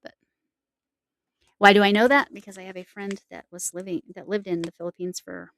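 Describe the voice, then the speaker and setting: A woman's voice: mid-range voice, fairly even intonation, fairly quick, vocal fry, a bit bright. A woman chatting to camera in a rambling, self-correcting way while showing snacks and yarn. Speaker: crochet vlogger. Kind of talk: casual chat to camera.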